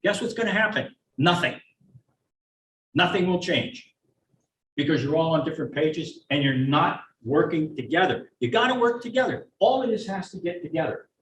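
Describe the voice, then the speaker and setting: An older man, a retired child neuropsychologist, giving a blunt, folksy talk to parents and acting out parents and teachers in quick asides. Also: a little high. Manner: blunt, folksy, plain-spoken. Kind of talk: public lecture to parents. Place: meeting room or auditorium. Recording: roomy, from a distance, faint hiss.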